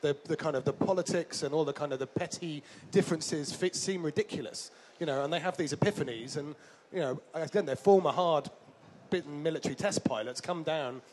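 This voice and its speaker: A man's voice: a little high, fairly quick, darkish tone, a little hiss or hum. A man being interviewed about his overland travels, telling rambling, self-deprecating stories full of fillers and restarts. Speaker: traveller and author, interview guest. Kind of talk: casual storytelling interview.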